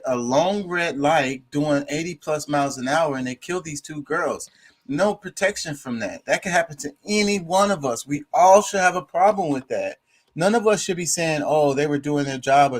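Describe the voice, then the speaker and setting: A man hosting a casual talk show, speaking with passion and swearing freely. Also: mid-range voice. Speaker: podcast host. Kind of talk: casual chat.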